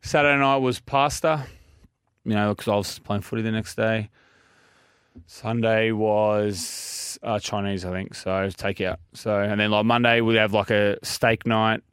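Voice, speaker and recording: A man's voice: fairly low pitch, steady tone, a little slow, a bit bright, clear, resonant tone, no room sound, clean studio sound. A young Australian man chatting casually, rambling and joking with lots of fillers. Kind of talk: casual chat.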